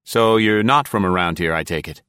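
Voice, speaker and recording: A man's voice: low-pitched, brisk, bright, forceful tone, clean tone, no echo, clean studio sound. A man voicing a nervous suburban man caught near his neighbor's car at dawn, who talks hastily and too much. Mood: flustered. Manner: hasty, nervous, overly chatty.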